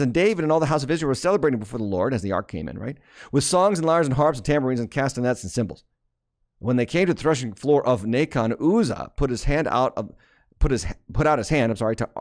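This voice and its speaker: A man's voice: medium pitch, expressive, fast. A man preaching a sermon as pastor, reading scripture aloud and explaining it with frequent restarts and rising emphasis.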